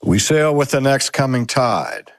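A man reading the lines of a gruff, suspicious ship captain who questions sharply and curtly. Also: medium pitch, huge pitch swings, unhurried, no room sound, clean studio sound, heavily acted.

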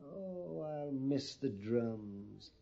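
A man's voice: fairly high pitch, sing-song, slow, a little mellow, slightly rough, exaggerated voice. An actor playing a nervous, fussy male storekeeper at an army post in a 1950s radio drama, theatrical and prone to whispering. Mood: fussy, pompous. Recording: dull old radio broadcast recording.

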